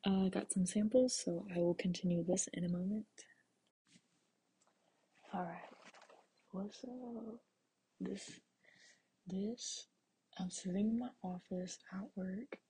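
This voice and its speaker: A young woman rambles through her own podcast from a dark office, blunt and profane, often sinking into a half-whisper. Her voice is deeply husky and gravelly, low and dark in tone. She speaks in a flat, level way. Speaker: author and podcast host. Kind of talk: casual rambling monologue.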